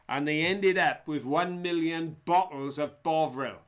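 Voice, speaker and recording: A man hosting a live quiz in a chatty, joking way. His voice sits a little high for a man. He talks slowly and unhurriedly. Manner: chatty, jokey, reads out viewers' answers. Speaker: quiz host.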